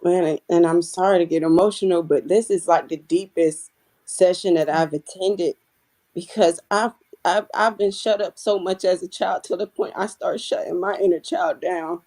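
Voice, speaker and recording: A woman's voice: lowish voice, dark tone. A woman from the audience giving emotional feedback in a casual way, often saying "like" and repeating words.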